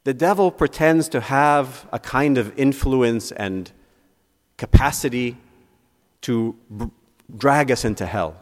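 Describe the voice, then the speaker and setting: Priest preaching in a reverberant church. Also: male voice, medium pitch, slow pace. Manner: reflective, asks rhetorical questions, repeats words. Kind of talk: homily.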